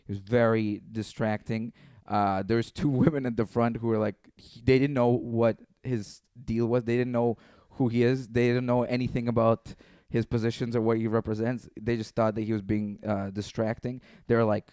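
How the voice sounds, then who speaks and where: A man's voice: mid-range voice, flat delivery, normal speed, warm tone, smooth, dry recording, studio quality. A man, a stand-up comedian guest, telling rambling anecdotes full of fillers in casual podcast chat. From Canada.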